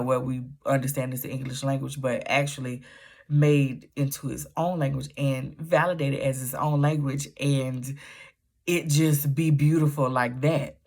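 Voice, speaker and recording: A woman talking casually on her book vlog, telling stories in lively Southern Black vernacular. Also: a bass voice. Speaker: book vlogger.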